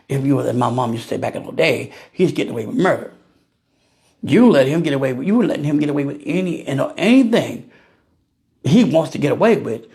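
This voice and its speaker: A man talks straight to camera in a loose, ranting style. He fires off rhetorical questions and chuckles at his own jokes. His voice sits in a middle pitch range. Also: animated, brisk, gravelly, a little mellow. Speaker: vlogger. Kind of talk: casual political rant.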